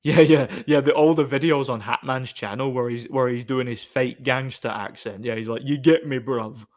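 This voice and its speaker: A man's voice: medium pitch, fairly even intonation, moderate pace. A man chatting casually on a live stream, reading comments and rambling sarcastically with many fillers and restarts.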